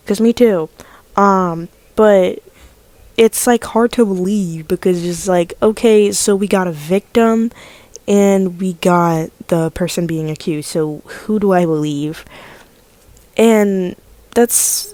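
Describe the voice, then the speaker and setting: A woman giving a casual commentary vlog, talking in a halting, stuttering way with many fillers. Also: medium pitch, dark tone, dry recording. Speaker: commentary YouTuber.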